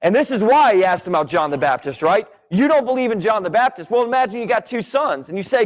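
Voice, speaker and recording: A man's voice: sits high, lively intonation, fast talker, few pauses. A man teaching a Bible class at church in a casual, conversational way, often checking in with "right?". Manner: conversational, many "right?" and "like" asides.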